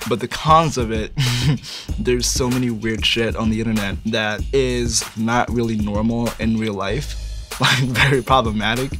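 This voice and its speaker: A young man from Indonesia chats casually as an interview guest, slangy and easygoing, often breaking into laughs. His voice sits in a middle pitch, with music clearly heard behind. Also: steady tone, measured pace, a bit bright. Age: young adult.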